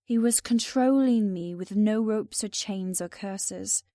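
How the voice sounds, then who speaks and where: A woman narrating a first-person audiobook in an even, subdued storytelling manner. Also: medium pitch, takes it slowly, dry recording, clean studio sound.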